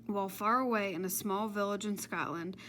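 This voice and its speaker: A woman narrating a children's audiobook in an even, measured way. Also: medium pitch, a little hiss or hum.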